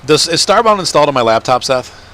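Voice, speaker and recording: A man with a higher voice and big pitch swings talks fast and a bit brightly while playing a farming game at home, with slight background noise. His let's-play commentary is casual and rambling, with frequent laughter.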